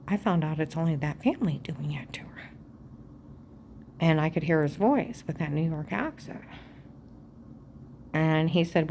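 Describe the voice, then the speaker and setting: Woman, low voice, agitated and aggrieved, rambling monologue, half-whispered at times, faint background noise. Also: measured pace, long pauses, darkish tone. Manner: agitated, aggrieved, jumps between claims. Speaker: vlogger.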